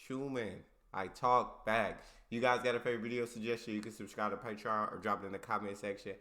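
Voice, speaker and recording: A man's voice: fairly low pitch, steady tone, fast, bright, forceful tone. Slangy Texan man hosting reactions. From Texas. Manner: upbeat, slangy. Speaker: reaction video host. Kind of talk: casual chat.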